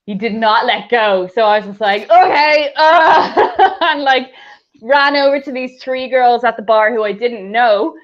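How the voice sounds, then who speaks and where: A woman's voice: fairly high pitch, moderate pace. An Irish woman co-hosting a comedy podcast, telling a story in casual chat and laughing often. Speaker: podcast co-host. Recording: dull lo-fi sound.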